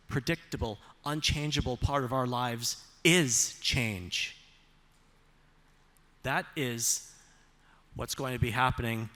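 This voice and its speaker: Measured man giving a motivational talk. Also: mid-range voice, a bit bright. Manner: measured, with rhetorical questions to the audience. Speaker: self-advocate presenter on autism. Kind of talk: motivational presentation with slides.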